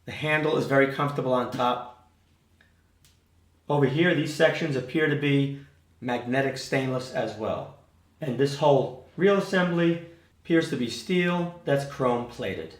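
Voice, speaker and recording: A man's voice: mid-range voice, a little slow. Methodical man reviewing gear, roomy sound. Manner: methodical, detail-focused explaining. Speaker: product reviewer. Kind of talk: product review. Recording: roomy echo.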